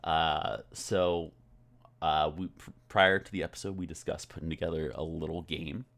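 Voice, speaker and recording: A man hosting a podcast in loose, rambling conversation, casually dropping swear words. His voice sits very low with a gravelly fry running through it. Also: fairly even intonation, moderate pace, a bit bright. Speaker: podcast host.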